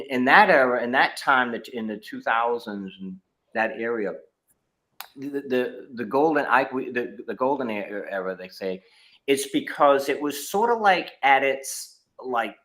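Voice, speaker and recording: A man's voice: mid-range voice, fairly bright tone. A middle-aged man, a martial arts instructor, telling his story in a casual interview over a video call, with many fillers and restarts.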